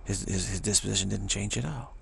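A man's voice: on the low side, quick pace, vocal fry, breathy edge. A man giving a rambling, emphatic spiritual talk as a teacher, often dropping into whispers. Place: Bay Area, California.

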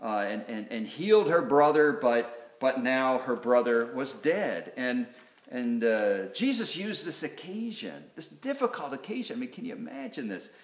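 A man preaches in an earnest, searching way, often stopping to restart a thought. His voice sits a bit high for a man. The sound rings around a roomy church hall. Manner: earnest, halting with many fillers and restarts. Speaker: pastor. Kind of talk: sermon. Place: church sanctuary.

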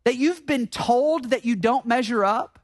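A man preaching a sermon as pastor, emphatic and slowing down to repeat key phrases. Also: extremely high pitch, no echo. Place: church sanctuary.

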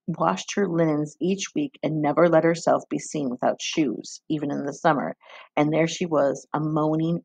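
A woman reads a novel aloud in a measured storybook narration. Her voice has a gravelly, husky texture. The recording is dry and close. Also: sits low, a little mellow, dry recording, rough recording. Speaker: reader.

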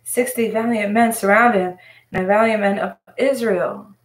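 A woman's voice: medium pitch, steady tone, moderate pace. A woman leading a Bible study, reading scripture aloud and explaining it in an earnest, emotional way that often turns to her listeners directly. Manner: emotional, earnest, addresses listeners as "you guys". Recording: echoey room.

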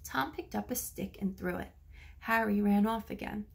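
A woman reading a children's storybook aloud as narrator, slipping into soft whispers for hushed lines. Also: medium pitch, moderate pace, gravelly. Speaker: audiobook narrator.

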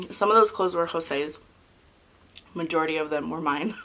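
A woman in her thirties chatting casually as a vlogger and mother, halting and soft with many fillers, fighting back tears. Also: low voice, a little hiss or hum. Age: 30s. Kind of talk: casual confessional chat.

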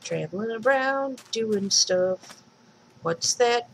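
A woman's voice: fairly high pitch, expressive, slow, a little hiss or hum, low-quality recording. A woman casually commenting on her own game as she plays, chatting to the animals she meets and squealing when startled. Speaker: let's play host and mod maker.

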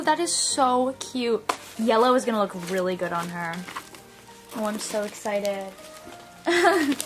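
A young woman chatting casually through an unboxing, gushing and gasping with excitement. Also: sits high. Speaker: vlogger unboxing a reborn doll. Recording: music playing underneath.

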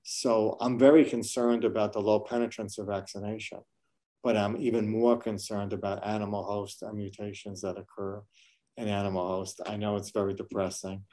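A middle-aged man from New York City speaks as a medical school dean in a webinar interview. His voice is warm and mellow, and his manner is earnest and reflective, with frequent restarts. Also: on the low side, flat delivery, normal speed.

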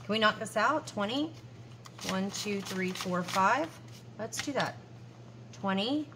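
A woman's voice: medium pitch, expressive, takes it slowly, pauses often, background noise. A woman in her forties chatting casually at home as she counts cash aloud and talks to herself between numbers. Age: 40s. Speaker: budgeting vlogger.

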